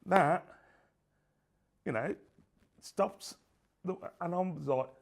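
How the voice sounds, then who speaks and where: A middle-aged man gives a personal testimony in an interview. His voice is gravelly and set a little high for a man. He tells the story haltingly but with life, playing out both sides of past exchanges. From England. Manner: halting, lively storytelling, acts out both sides of old conversations.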